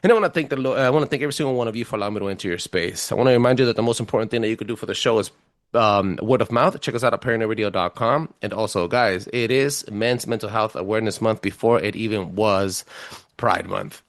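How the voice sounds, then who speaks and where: A man hosting his podcast in a loose, rambling, animated way, a little tipsy from whiskey. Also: lowish voice, quick pace, no room sound, clean studio sound. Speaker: podcast host. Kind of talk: casual podcast intro.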